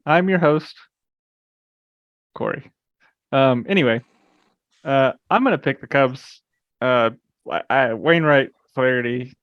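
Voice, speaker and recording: A man's voice: medium pitch, slow, long pauses, dry recording. Man hosting a dry, lo-fi sports chat. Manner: moderates picks with dry teasing. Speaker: podcast host.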